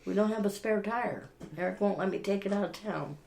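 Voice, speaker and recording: A woman's voice: mid-range voice, brisk, gravelly, over music. A woman co-hosting a casual podcast chat, talking through plans in a plain, matter-of-fact way. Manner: matter-of-fact, planning aloud. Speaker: podcast co-host. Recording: echoey room.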